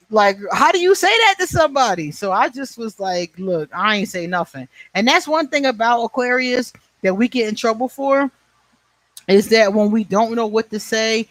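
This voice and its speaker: This livestream host, a man in his forties with a high, slightly bright voice, chats casually in a blunt, foul-mouthed way. He laughs a lot and responds to viewer comments by name, and the recording is close and dry with no echo.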